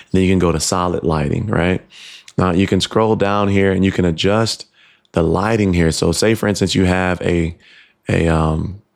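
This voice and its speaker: A man with a very low, gravelly voice walks through a tech demo in his home studio. He talks in a relaxed, explanatory way, with plenty of ums and restarts as he clicks through settings on a desk microphone. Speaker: tech reviewer. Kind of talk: casual product demo. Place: home studio with computer fans nearby. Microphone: dynamic USB/XLR desk mic, switching to camera shotgun mic.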